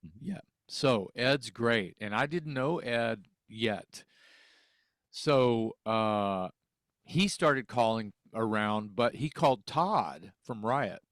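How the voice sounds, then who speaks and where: A man's voice: mid-range voice, lively intonation, takes it slowly, fairly bright tone, no room sound, clean studio sound. A man who sings and teaches music, from Texas, telling a story in casual conversation, acting out phone calls and swearing freely. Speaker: interview guest, singer.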